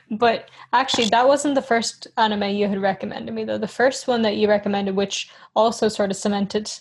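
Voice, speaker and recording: A woman with a mid-range voice co-hosts a podcast, talking at normal speed in a steady tone, with a little hiss or hum in the audio. The chat is casual, and she giggles, rambles, and often pokes fun at herself.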